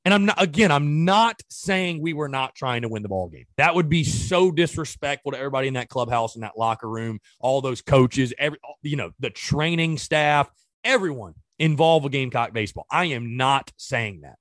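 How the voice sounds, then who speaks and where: A man's voice: mid-range voice, animated, moderate pace, fairly bright tone, no room sound, studio quality. A man hosting a sports podcast, ranting in an exasperated way and firing off rhetorical questions in casual commentary.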